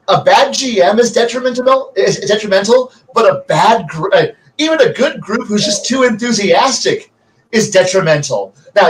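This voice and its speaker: A man telling a rambling, profane story from his game table in a casual podcast chat. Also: high-pitched. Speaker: game master. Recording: distant from the mic.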